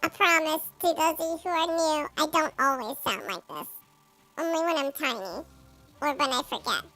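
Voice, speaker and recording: A woman streamer using a pitched-up voice filter to sound like a tiny chibi version of herself, chatty and giggly, meowing playfully. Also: moderate pace, pushed and bright, soft background music. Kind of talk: casual gaming stream chat.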